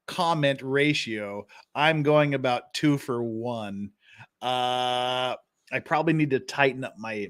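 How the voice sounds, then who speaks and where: A man's voice: fairly high pitch, a bit bright, dry recording, clean studio sound. A man hosting a livestream reaction show, talking in a casual, rambling and self-deprecating way with some cursing. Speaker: livestream host.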